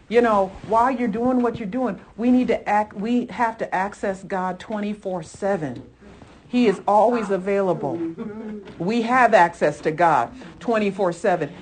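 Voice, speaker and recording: A woman preaching a sermon in a lively, chatty way, often laughing and calling her listeners folks and honey. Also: mid-range voice.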